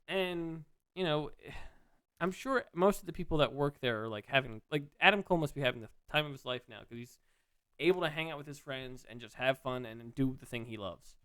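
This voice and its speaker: Man, podcast co-host, casual chat, animated and rambling, smooth voice. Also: mid-range voice, moderate pace, dry recording, clean studio sound. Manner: animated, rambling, laughs at his own stories.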